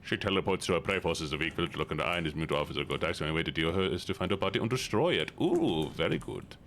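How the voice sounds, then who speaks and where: A man streaming a game and chatting casually with his viewers in a playful, goofy way, jumping into sudden high squeaky exclamations. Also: animated, racing, a bit bright. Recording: noticeable background noise.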